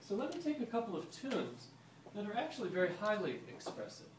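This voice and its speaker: A historical music presenter gives a live talk and demonstration to visitors, chatting as he explains and quizzing the audience. His voice is high with wildly swooping pitch and a brisk delivery. The recording sounds roomy, with a distant mic and ambient noise.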